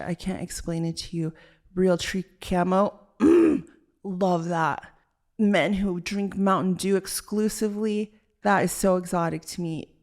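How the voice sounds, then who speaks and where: Talking a little slowly in a lowish, slightly mellow voice, this podcast host rambles through her casual solo show. She's a young Southern Californian from Los Angeles with a chatty valley-girl manner, dropping "like" constantly.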